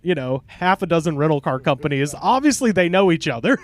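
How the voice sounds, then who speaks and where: A man telling a story on a podcast in a casual, animated way, laughing often and swearing offhand. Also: a little high, fairly quick. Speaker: podcast guest.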